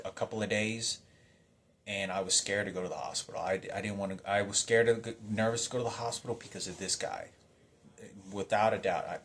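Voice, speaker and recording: Agitated, profane man telling a story. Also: on the low side. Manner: agitated, rambling, heavy swearing; halting restarts, emotional. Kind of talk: personal storytelling monologue.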